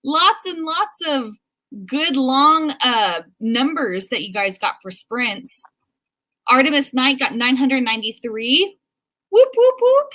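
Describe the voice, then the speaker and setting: A bubbly, giggly young woman chats as host of a casual vlog. Her voice sits high and bright. It leaps up and down with excitement, and she sounds like she is on a video call. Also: slow. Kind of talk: casual chat.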